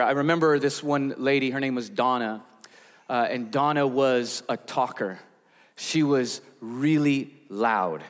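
A man, a pastor, preaching a sermon in a conversational storytelling way with frequent fillers. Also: mid-range voice. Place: church sanctuary. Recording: long church hall reverb.

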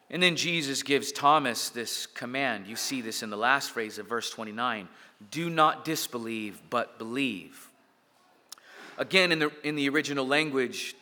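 A man's voice: medium pitch, sharp tone. Preaching man in a reverberant hall. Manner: earnest preaching, swelling and dropping for emphasis. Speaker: pastor. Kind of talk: sermon.

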